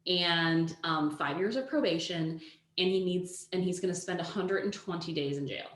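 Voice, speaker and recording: A woman with a lowish voice tells a true-crime story to her co-host in a relaxed, chatty way. She is animated, swears casually and leans on "like" all the time. The recording has a roomy echo. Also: normal speed. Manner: animated, swears freely, says "like" a lot.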